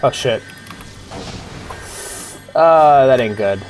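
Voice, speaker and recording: A man streaming a game, chatting casually and joking at his own expense. His voice sits in an ordinary middle pitch. Faint music plays quietly behind him. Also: lively intonation, drawn-out words. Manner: joking, playful, self-mocking, swears casually. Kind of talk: casual gameplay commentary.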